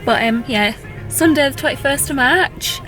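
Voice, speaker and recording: A woman chatting casually to camera in a vlog, emotional and quick to laugh, with lots of "like"s. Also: high voice, music in the background. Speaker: vlogger.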